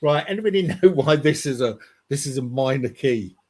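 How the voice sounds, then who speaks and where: A man's voice: mid-range voice, lively intonation, moderate pace, warm tone. Man hosting a comics chat. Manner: quizzing, upbeat. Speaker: host. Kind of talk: casual chat.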